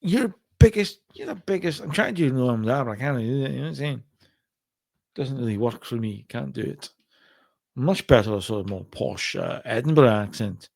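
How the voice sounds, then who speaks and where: A man's voice: a little high, expressive, normal speed, gravelly. Chatty man recapping a wrestling sim. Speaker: game commentator. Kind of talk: let's play narration of a wrestling sim.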